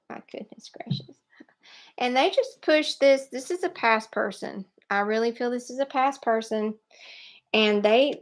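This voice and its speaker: A woman giving a live tarot reading, speaking in an animated, emphatic way and laughing often. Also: on the high side. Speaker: tarot reader.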